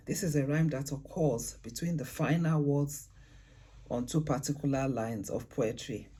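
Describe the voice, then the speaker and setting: A man teaching beginners about rhyme in a casual tutorial. He pauses often to search for words and spells out letters. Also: on the high side, warm tone, husky. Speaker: poetry tutor.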